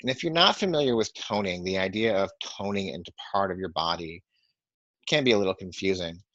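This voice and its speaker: A meditation and sound healing teacher with a deep voice guides listeners through breathing and toning, calm and soft-spoken as he slowly counts breaths. It's recorded on a webinar microphone, dry and muffled with no echo.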